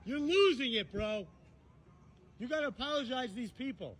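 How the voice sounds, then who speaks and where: A man's voice: extremely high pitch, animated, normal speed, a bit bright. A man live-streaming on a city street, urging and coaxing a friend with growing exasperation. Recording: noisy outdoor street audio.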